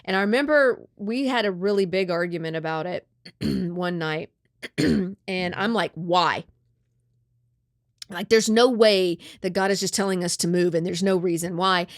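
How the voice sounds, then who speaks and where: A woman podcast host in a casual chat, retelling a story with lively acted-out dialogue. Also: on the low side, unhurried, no echo, studio quality.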